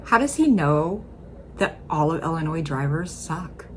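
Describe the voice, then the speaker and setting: Low-voiced Midwestern woman, chatty. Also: animated, unhurried, background noise. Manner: chatty, rambling, with frequent fillers. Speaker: reaction video host. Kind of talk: casual commentary.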